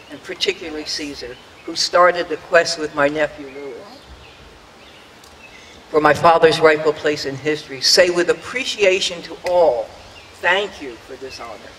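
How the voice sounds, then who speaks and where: This rough recording captures an older man's measured, somewhat bright voice, on the high side, echoing with a big-room sound and a faint hiss or hum. He is outdoors at a public dedication ceremony, giving a prepared, earnest memorial speech. He looks back on the past and performs the voices he quotes.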